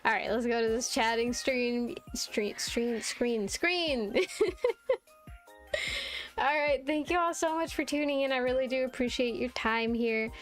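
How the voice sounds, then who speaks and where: A young woman with a fairly high voice, chatting casually to her stream audience while she draws. She talks in loose, self-deprecating rambles, restarting her sentences and laughing often. Faint music plays underneath. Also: a little slow. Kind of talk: casual live-stream chat while drawing.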